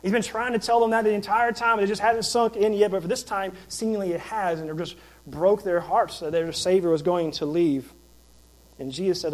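A man's voice: sits high, fairly even intonation, a little fast, rough recording. A man who is a pastor, preaching a sermon in an emphatic, conversational way with rhetorical questions.

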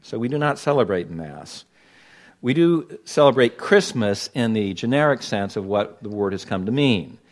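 A man's voice: fairly low pitch, animated, normal speed. A man from Los Angeles preaching a sermon to his congregation, pointed and emphatic, leaning hard on key words. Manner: emphatic, pointed preaching with sudden loud stresses. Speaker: pastor.

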